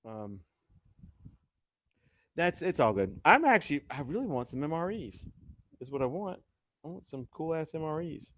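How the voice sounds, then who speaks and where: A man's voice: fairly high pitch, sing-song, normal speed, long pauses, fairly bright tone, dry recording. A man hosting a casual live video chat, rambling and joking with some swearing. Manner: rambling, profane, jokey. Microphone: video call.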